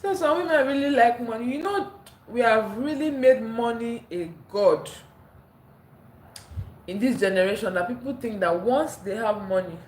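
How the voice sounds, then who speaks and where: A woman's voice: on the high side, expressive, moderate pace, darkish tone, slight background noise. Woman from Africa, livestream host, chatty commentary on viewer comments, roomy echo. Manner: chatty, laughs often, reads viewer comments aloud. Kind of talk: casual livestream chat reading comments. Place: indoors at home. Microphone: phone, later a clip-on mic.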